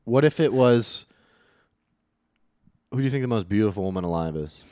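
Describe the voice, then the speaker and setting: A man's voice: on the low side, lively intonation, moderate pace, mellow, no echo, studio quality. A man co-hosting a podcast in casual banter, teasing and spinning absurd hypothetical scenarios. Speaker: podcast co-host.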